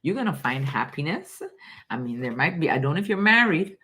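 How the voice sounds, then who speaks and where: A woman's voice: low voice, big pitch swings, fairly quick, fairly bright tone, slight background noise. A woman from Guyana giving casual live tarot readings, calling viewers baby and darling in an affectionate way. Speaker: tarot reader on a live stream.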